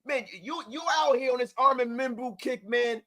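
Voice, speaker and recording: Excitable high-voiced fan show host. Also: male voice, moderate pace. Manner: excitable, loud, repeats himself, banters with chat. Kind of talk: live-stream post-game chat.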